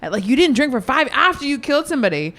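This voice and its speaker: A woman in a casual comedy chat, blunt and quick, swearing freely. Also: sits high, very animated, a bit bright. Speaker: guest.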